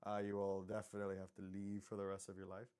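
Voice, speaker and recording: A young man with a low-pitched voice chats on a livestream while he draws. He rambles from one joke to the next, cuts himself off and apologizes often, all in a relaxed streamer tone. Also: fast, clean tone. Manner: self-interrupting, joking asides and frequent apologies. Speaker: live-drawing streamer.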